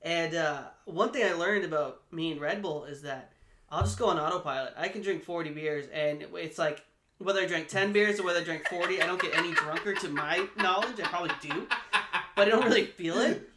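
Male podcast co-host, brightish and a bit high, loose and profane, echoey room. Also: fairly quick, a little hiss or hum. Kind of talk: casual beer-tasting banter.

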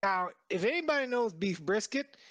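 A podcast co-host tells a kitchen mishap with an animated, laughing delivery. His voice swings widely up and down as he talks. The recording is dry and close, with no room sound. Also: sits high, moderate pace, dry recording. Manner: animated, laughs between phrases. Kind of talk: casual storytelling chat.

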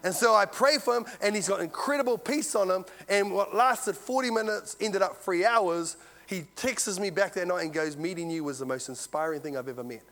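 A man preaching a sermon, telling a story and swinging from loud to hushed. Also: high-pitched, fairly quick. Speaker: visiting preacher.

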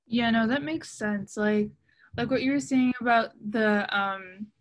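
A young woman hosting a casual chat, speaking in a relaxed, hesitant way with fillers. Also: a little high, a little slow. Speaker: podcast host.

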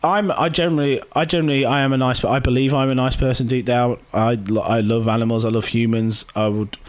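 A man's voice: mid-range voice, steady tone, fast talker. A man hosting a casual podcast, rambling and joking, swearing often. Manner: swears a lot, rambling and jokey. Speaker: podcast host. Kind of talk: casual chat. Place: hot indoor room.

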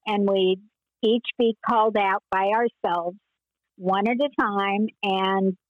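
An older woman and former child actress, telling stories in an interview with meandering pauses and frequent laughs. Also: medium pitch, fairly even intonation, no echo, muffled recording. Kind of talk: reminiscing interview.

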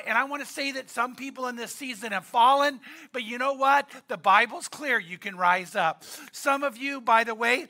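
A man's voice: very high voice, pushed and bright. A male pastor giving a conversational sermon, joking with the congregation and repeating key lines.

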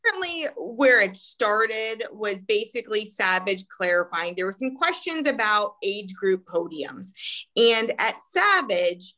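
A woman's voice: mid-range voice, fairly bright tone, poor audio. A woman hosting a podcast, chatting casually and laying out the next topic. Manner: brief affirmations, then explains topics. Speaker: podcast host. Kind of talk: casual chat.

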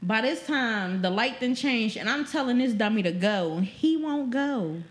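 Brief: pregnant young woman, co-host, raised pitch, profane animated storyteller. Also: measured pace. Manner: profane, animated storytelling, quotes people often. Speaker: podcast co-host. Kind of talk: casual storytelling chat.

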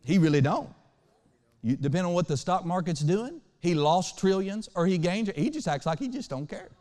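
A male pastor preaching a sermon. He swings between loud and hushed lines and asks the congregation to respond. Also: sits high, big pitch swings, moderate pace, in a large hall.

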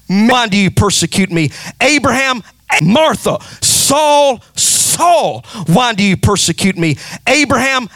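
A man preaches in a high, ringing voice. He builds emphasis through repetition and breaks into shouted, half-sung cadences. The sound is close and dry, with no room echo. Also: lively intonation, normal speed. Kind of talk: sermon.

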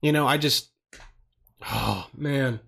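A man's voice: medium pitch, slow, creaky, a bit bright. A young man rambling through questions in a casual, profane monologue, often trailing off and restarting. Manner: rambling, profane, laid-back. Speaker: vlogger answering questions.

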